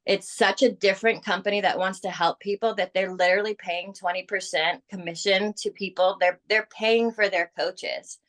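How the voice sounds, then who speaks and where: A woman leads her team on a call, sounding energetic and persuasive as she coaches them. Her voice sits in a middle pitch. She talks in a plain, natural way. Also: moderate pace, few pauses. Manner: energetic, persuasive, acts out quoted clients.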